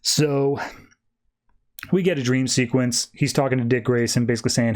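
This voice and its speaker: A man's voice: medium pitch, fairly even intonation, normal speed, long pauses. A man hosting a podcast, casually recapping a comic book and slipping into character voices. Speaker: podcast host.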